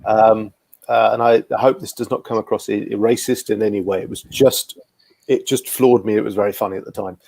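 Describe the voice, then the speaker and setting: A man's voice: lowish voice, steady tone, fairly quick, creaky, a little mellow, dry recording. A man hosting a casual video call chat, telling a rambling anecdote with self-deprecating asides. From Guernsey. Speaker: podcast host.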